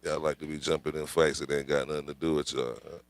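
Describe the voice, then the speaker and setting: A man's voice: a bass voice, level tone, quick pace, dry recording. A man hosting his own livestream, ranting casually with rambling, profane slang and frequent laughter. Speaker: livestream host. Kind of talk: casual live-stream rant.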